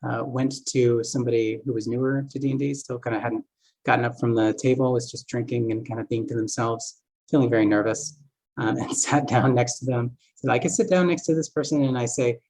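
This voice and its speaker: A man's voice: mid-range voice, steady tone, fairly quick, a little mellow, low-quality recording. A man who runs therapy groups as a game master, giving a casual seminar talk full of "like" and "uh" fillers. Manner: casual, filler-heavy, many "like" and "uh". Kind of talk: seminar lecture.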